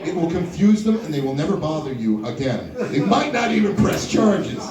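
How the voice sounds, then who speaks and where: A young man with a slightly high voice does a stand-up set at a live venue, very animated at a normal speed. He playfully banters with audience members by name; the room echoes, he's far from the mic, and the crowd is audible.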